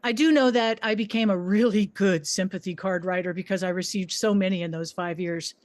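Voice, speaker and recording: A woman reading her memoir aloud to an audience, a former teacher who tells her story theatrically, swinging her pitch and volume as she acts out her own classroom commands. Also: steady tone, brisk, dry recording. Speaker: memoir reader, former high school teacher.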